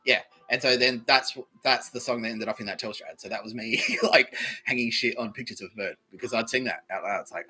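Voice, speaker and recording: An Australian man hosts a comedy podcast, launching into a profane, rambling rant full of mock outrage. His medium-pitched voice is pushed and bright, moving a little fast.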